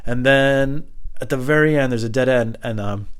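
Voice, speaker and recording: A young man spins a comic personal story on his podcast. He rambles, drifts into side remarks that mock himself, and swears freely. His voice sits at an ordinary middle pitch. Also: normal speed, smooth. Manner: rambling, profane, self-mocking asides. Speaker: podcast host.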